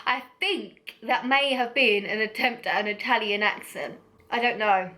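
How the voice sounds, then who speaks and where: A woman's voice: a little high, normal speed, pushed and bright. A young woman giving a casual, blunt beauty product review, chatty and laughing often. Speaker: beauty vlogger.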